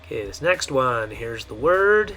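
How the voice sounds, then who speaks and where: A man teaching a pronunciation lesson, saying each model word slowly and checking in often with the class. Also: mid-range voice, sing-song, pushed and bright, faint music behind. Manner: slow, drawn-out model words with frequent "okay?" checks. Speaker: Spanish teacher.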